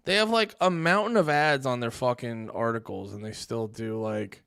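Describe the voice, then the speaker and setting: A man hosting a livestream, reacting aloud in a loose, sarcastic way with plenty of swearing. His voice is smooth and clear. The sound is close and dry. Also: medium pitch, normal speed, fairly bright tone, dry recording. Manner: profane, laughing, sarcastic asides. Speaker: streamer host. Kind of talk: casual livestream commentary.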